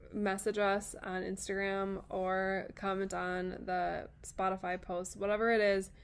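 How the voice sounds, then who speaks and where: A woman co-hosting a casual podcast, giving short supportive replies and then moving the talk on to listener questions. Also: mid-range voice. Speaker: podcast co-host.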